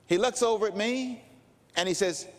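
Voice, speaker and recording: An older male pastor preaching a sermon, telling stories slowly and dramatically. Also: high voice. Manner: slow, dramatic preaching with storytelling. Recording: long reverb of a large hall.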